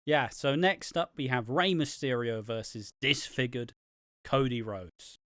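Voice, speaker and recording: A man's voice: mid-range voice, unhurried, fairly bright tone, no echo, studio quality. A man co-hosting a wrestling review podcast, chatting casually with sarcastic, sweary asides and frequent laughs. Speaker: podcast co-host.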